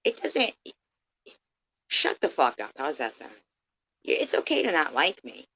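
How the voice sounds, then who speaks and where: A woman with a deep, breathy-edged voice whose pitch swoops wildly rants angrily on a livestream at a measured pace. She is profane and confrontational, speaking directly to her critics in a heated way, with dull lo-fi stream audio.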